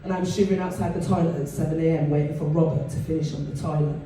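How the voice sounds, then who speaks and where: Her voice sits low and runs a little fast as this Leeds-accented comedian from northern England keeps up animated, filler-laden banter onstage at a club. The sound comes from far away in an echoey space with room noise.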